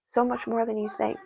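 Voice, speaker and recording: A woman talks through a tarot spread in an unhurried, gravelly voice, thinking aloud as she goes. She addresses the spirits and her viewers directly. The sound is dry and close, from a dull lo-fi recording. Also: fairly high pitch, darkish tone, dry recording. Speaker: tarot reader. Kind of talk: casual spoken tarot reading.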